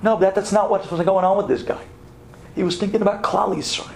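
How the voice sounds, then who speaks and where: A man's voice: high voice, fairly even intonation, a little fast, vocal fry, roomy sound, slight background noise. A man giving a Torah class, telling a story and acting out both sides of the dialogue.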